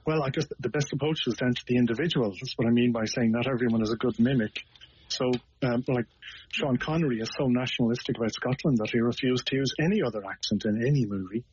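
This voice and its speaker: A man with an Irish accent, a guest on a radio discussion, explaining things in a measured way with small hesitations. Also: medium pitch, a little mellow, slight background noise. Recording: dull lo-fi radio broadcast.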